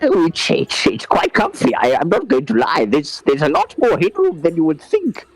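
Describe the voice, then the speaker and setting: Fields: Sex: male. Figure: a man playing a small creature living in a glove. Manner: stammering. Pitch: high. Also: wildly swooping pitch, moderate pace, dry recording, faint music behind, rough recording. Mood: chatty. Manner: chatty, stammering, gushing.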